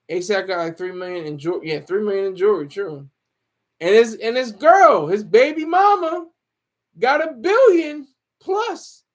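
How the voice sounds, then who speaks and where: A man with a high voice hosts a loose, joking livestream from home. He laughs often and answers viewer comments as they come in. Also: lively intonation, moderate pace. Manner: joking, laughs often, reads chat aloud. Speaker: livestream host.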